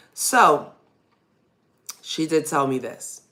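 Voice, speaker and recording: Candid mom-host, lowish voice, chatty and rambling, laughs off her nerves. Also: expressive, a little slow, fairly bright tone. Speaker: podcast host, mother. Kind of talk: casual personal storytelling.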